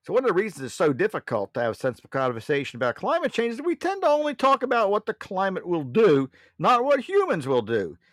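A man's voice: high-pitched, huge pitch swings, fast, few pauses, a bit bright, no room sound, clean studio sound. A man hosting a political talk show, delivering a blunt, mocking monologue and often calling his listeners folks.

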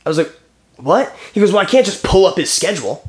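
A man's voice: high voice, very animated, fast, darkish tone. A man in his thirties telling a story in casual chat, acting out phone calls and swearing freely. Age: 30s.

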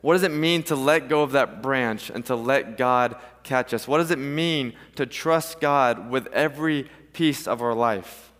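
A man preaching from the front of a church, his voice sitting at an ordinary middle pitch. He tells stories and slips into different voices to make his point. A long reverb from the big hall trails behind every phrase. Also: measured pace, hardly any pauses, fairly bright tone. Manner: storytelling, acts out voices in an anecdote. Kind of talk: sermon. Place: church sanctuary.

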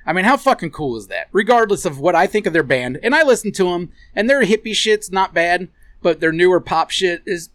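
A man co-hosting a casual podcast, telling a rambling story full of swearing and laughter. His voice sits fairly high and swings widely in pitch. The sound is dry and close. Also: expressive, brisk, a bit bright, no room sound. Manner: rambling, profane, laughs often. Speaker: podcast co-host.

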